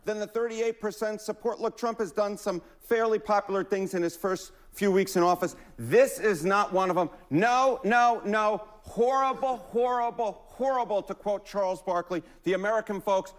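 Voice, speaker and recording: Emphatic high-voiced TV polling analyst. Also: male voice, normal speed, hardly any pauses. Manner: energetic, emphatic, playful. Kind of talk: broadcast news analysis.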